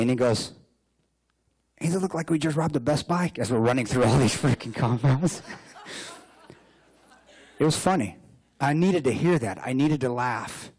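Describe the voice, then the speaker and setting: A man giving a lively storytelling speech as a guest speaker, joking and laughing often. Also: mid-range voice, husky. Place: hotel banquet room.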